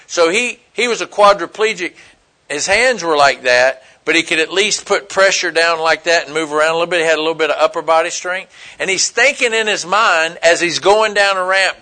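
A man's voice: on the high side, moderate pace, sharp tone. A man preaching a sermon, telling a story in an emphatic, repetitive way. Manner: storytelling, emphatic, repeats phrases. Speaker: pastor.

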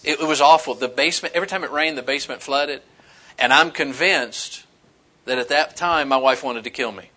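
Bright-voiced preacher man, folksy and animated. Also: mid-range voice, brisk. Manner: animated, folksy storytelling with humor. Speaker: pastor. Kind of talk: sermon.

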